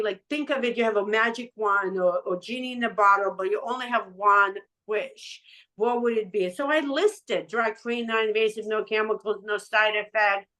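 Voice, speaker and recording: Middle-aged woman, fairly high voice, emotional, rambling testimonial chat. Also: sharp tone, poor audio. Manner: emotional, rambling, restarts often. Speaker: patch seller sharing her testimonial. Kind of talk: casual conversational testimony.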